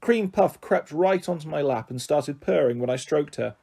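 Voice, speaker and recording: Guy reading a kids book out loud, mellow warm tone, kinda high voice. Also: moderate pace, vocal fry. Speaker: storyteller. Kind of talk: audiobook narration.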